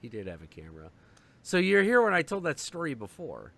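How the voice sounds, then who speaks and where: Animated profane man telling a story. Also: a little high, brisk, vocal fry. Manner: animated, profane, acts out voices in his story. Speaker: stream host. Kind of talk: casual storytelling rant.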